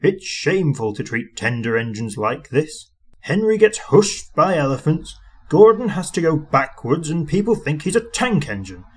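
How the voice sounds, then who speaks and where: A man doing a proud, bossy storybook steam engine, haughty and sneering. The voice rides high and swoops widely, full of rude pride. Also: big pitch swings, normal speed, slightly rough. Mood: indignant.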